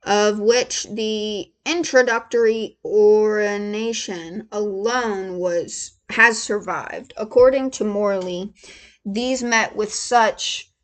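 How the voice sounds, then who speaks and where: Slow soft-spoken woman in whispered role-play. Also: medium pitch, fairly even intonation. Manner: slow halting reading, spells out hard words letter by letter; gets emotional and laughs between passages. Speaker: ASMR host reading aloud.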